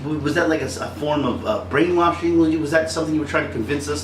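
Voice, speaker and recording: A middle-aged man ranting on his vlog, heated and animated, slipping in and out of mocking voices. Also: on the high side, quick pace. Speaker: vlogger. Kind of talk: angry rant. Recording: roomy echo, distant mic, faint noise.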